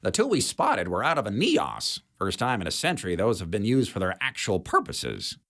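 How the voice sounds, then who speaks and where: A man's voice: fairly low pitch, huge pitch swings, moderate pace, fairly bright tone, pitched above the performer's own voice, exaggerated voice. A man voicing a blunt, jaded female security chief who smokes and talks in a dry, sardonic way.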